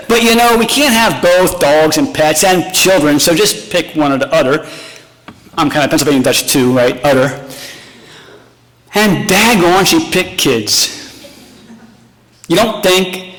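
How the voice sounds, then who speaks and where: A middle-aged male pastor tells stories at his retirement party, poking fun at himself before turning tender. His voice sits a little high. The sound rings out with a long hall reverb. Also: animated, moderate pace, pauses often, fairly bright tone. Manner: storytelling, self-mocking humor turning tender.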